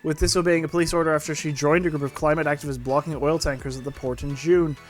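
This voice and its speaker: A man's voice: on the high side, fairly even intonation, quick pace, faint music behind. Matter-of-fact male podcast co-host. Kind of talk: casual chat and reading news aloud.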